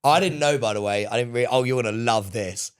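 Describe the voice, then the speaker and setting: Guy cohosting a podcast, rambling story, laughs a lot, swears, mid pitch. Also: brisk, smooth. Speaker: podcast co-host. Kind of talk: casual chat.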